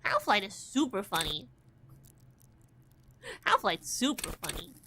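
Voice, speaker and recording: A young woman streaming a game, excitable and dramatic in her commentary. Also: mid-range voice, a little slow, noisy background. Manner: excitable, dramatic, reacts loudly. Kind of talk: casual game playthrough commentary.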